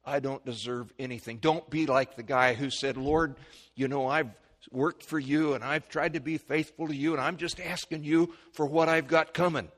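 A male preacher giving a sermon, swinging from hushed, slow pleading to loud, high-pitched shouts. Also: fairly even intonation. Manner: dramatic swings from quiet to shouting.

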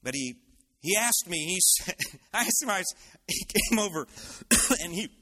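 A male pastor telling a personal story in an animated sermon. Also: high-pitched, measured pace.

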